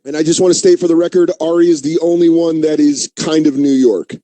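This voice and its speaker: A man's voice: on the high side, fairly quick, no echo. Joking male radio co-host. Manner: joking, animated impressions of friends. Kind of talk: casual comedy banter.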